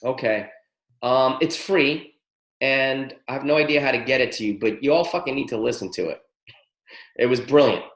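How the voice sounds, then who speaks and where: An excitable man teaching a spiritual workshop over a call, cursing freely as he talks. His voice sits in a middle pitch range. The room around him is noticeably echoey. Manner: excitable, swears freely, rapid-fire incantation lists. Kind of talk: live teaching call with interpreter.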